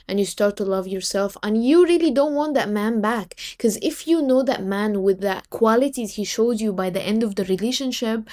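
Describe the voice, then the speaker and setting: A woman giving casual relationship advice, slowly listing emotions word by word. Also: a little high, a little mellow.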